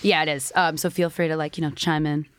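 A woman's voice: sits low, level tone, fast talker, smooth, no room sound. A woman co-hosting a casual podcast, reading out a listener's email with dry, amused asides. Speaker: podcast co-host.

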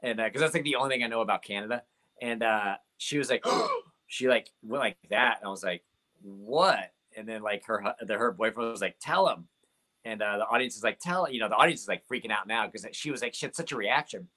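A man's voice: lowish voice, fast talker, pushed and bright. A young comedian telling stories from his shows in a casual interview, rambling with lots of "like" and fillers. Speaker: comedian guest.

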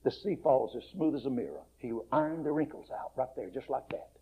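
A male preacher retelling a story in a folksy, dramatic sermon, swinging between soft, quiet passages and loud, raised ones. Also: mid-range voice, animated, a little fast, vocal fry, husky. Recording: muffled lo-fi recording.

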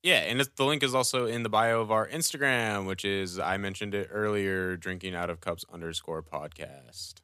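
Male co-host, low-ish, clear and bright, laid-back slang. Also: normal speed, hardly any pauses, no echo, clean studio sound. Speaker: podcast co-host. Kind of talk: casual chat.

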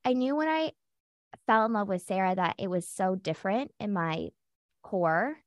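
A woman's voice: medium pitch, lively intonation, moderate pace, dry recording, studio quality. A woman guest on a podcast, candidly and heartfelt telling her own story with lots of casual fillers.

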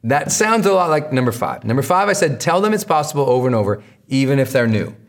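A man's voice: mid-range voice, very animated, fast talker. A man with a mid-range voice delivers a motivational lesson as a podcast host. He talks with bursts of energy and drives his points home by repeating them. His delivery is emphatic and coaching. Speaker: podcast host teaching marketing. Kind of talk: motivational teaching talk.

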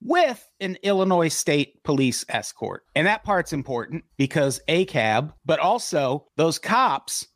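A man hosting a comedy podcast, telling stories in an animated way and swearing freely. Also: unhurried, few pauses, no echo, clean studio sound. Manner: animated, profane storytelling with big pitch swings. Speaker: podcast host.

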